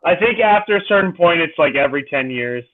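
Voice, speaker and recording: A man's voice: on the high side, expressive, fast. A man co-hosting a podcast, laid-back and hesitant, with many fillers. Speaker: podcast co-host. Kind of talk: casual podcast banter. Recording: tinny phone-like call audio.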